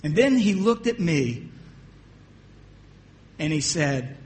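A pastor from the United States telling a personal story in a sermon. He acts out the dialogue and often drops to a hushed voice. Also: a little high, very animated, slow pace, long pauses.

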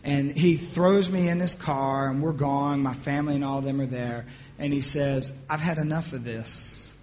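A middle-aged man from New Jersey preaching a sermon, telling his own testimony in an animated, humorous storytelling way. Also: medium pitch, normal speed, slight background noise.

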